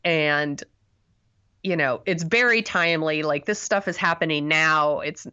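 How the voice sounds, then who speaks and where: A woman's voice: deep voice, a little slow, pushed and bright, clear, resonant tone, dull audio. Rambling woman chatting about a film. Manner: rambling, many fillers, self-deprecating laughs. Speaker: podcast co-host. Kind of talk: casual movie review chat.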